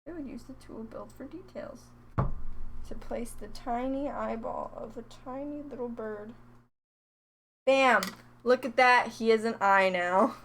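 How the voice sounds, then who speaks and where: Young woman streamer, fairly high voice, rambling casual craft chat, hiccups, faint hiss behind. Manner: chatty, rambling, self-deprecating while working on crafts. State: has the hiccups. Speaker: livestreaming crafter.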